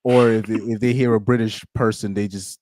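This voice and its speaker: A man's voice: on the low side, level tone, a little fast, a little mellow, a little hiss or hum. A man hosting a casual podcast chat, laid-back and slangy, chuckling between points. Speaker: podcast host.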